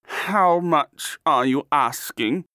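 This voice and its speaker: A pompous, haggling artist, done by a male narrator in a high, drawn-out voice. He speaks slowly and suspiciously. It is a dry, close storybook reading. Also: bright, forceful tone, no echo.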